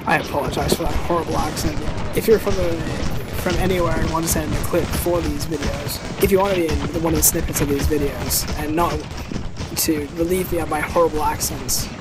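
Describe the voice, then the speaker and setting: Game video host, rambling strategy commentary, slightly high pitch, loud music. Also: male voice, fairly quick, poor audio. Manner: relaxed, rambling, self-correcting. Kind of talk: casual gameplay commentary. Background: loud background music.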